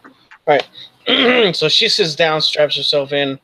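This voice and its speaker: A man's voice: on the high side, animated, slow pace, pushed and bright, slight background noise, poor audio. A man narrating as game master, loosely and with many fillers. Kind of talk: narrating a tabletop role-playing game.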